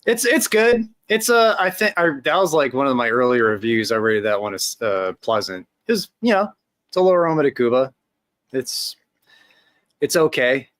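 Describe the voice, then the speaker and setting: A man's voice: mid-range voice, animated, normal speed, a bit bright, no echo. Rambling man chatting about cigars. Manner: rambling, many fillers and restarts. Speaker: podcast host. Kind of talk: casual chat.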